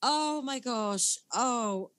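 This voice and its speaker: A woman's voice: fairly high pitch, very slow, a bit bright, clear, resonant tone, no echo. A woman comedian, chatting animatedly at home as a podcast guest. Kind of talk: casual podcast conversation.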